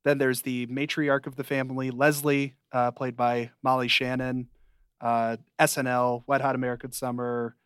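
A young man co-hosting a podcast, recapping a sitcom in a casual, dry, rambling way with quick asides. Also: medium pitch, flat delivery, fairly bright tone, smooth, no echo. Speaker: podcast co-host. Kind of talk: casual chat.

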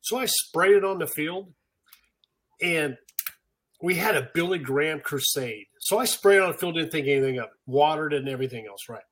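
Husky older man telling a story. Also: on the high side, fairly quick. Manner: animated storyteller, acts out quotes. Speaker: podcast guest, pro turf manager. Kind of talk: casual storytelling chat.

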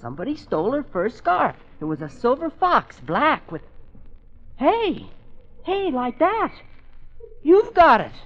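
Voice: medium pitch, normal speed, few pauses. A performer voicing an eager, whiny teenage boy in a 1940s radio drama. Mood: excited. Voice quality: whiny, excitable. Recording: lo-fi old radio broadcast.

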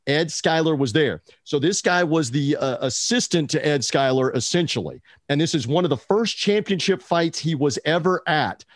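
A man's voice: on the high side, lively intonation, normal speed, few pauses, no echo, clean studio sound. A man hosting a podcast, telling stories in an enthusiastic, rambling casual chat. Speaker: podcast host.

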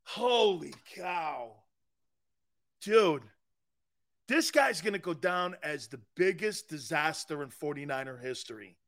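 A man hosting a live sports talk show, loud and joking, often laughing at his own lines. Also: on the high side.

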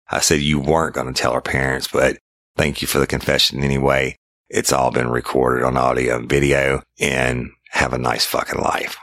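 Detective storyteller, middle-aged man, very deep voice, profane and blunt, dry close sound. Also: little pitch movement, moderate pace, no room sound. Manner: blunt and profane, loud and heated when quoting himself. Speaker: police detective recounting a case. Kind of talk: casual storytelling to listeners.

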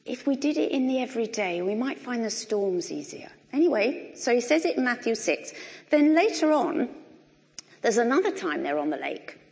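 A middle-aged woman preaching a sermon in a conversational, animated way with wry humour, recorded in a church. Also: fairly high pitch, moderate pace. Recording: long reverb of a large hall.

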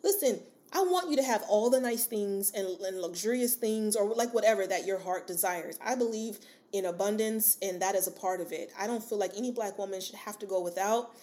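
A woman's voice: mid-range voice, brisk, few pauses, warm tone. A woman hosting a solo podcast, talking casually and encouragingly to her listeners with lots of fillers and asides. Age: adult with a daughter. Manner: casual, chatty, rambling with many fillers and asides; addresses listener as sis, encouraging. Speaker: podcast host.

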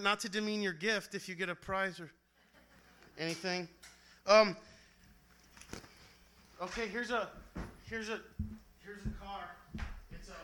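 Brief: young male performance poet at a live venue, high, bright voice, rhythmic and emphatic on stage. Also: a little hiss or hum. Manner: rhythmic, emphatic delivery with loose, joking stage banter. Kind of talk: live spoken-word poetry performance. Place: live venue before an audience.

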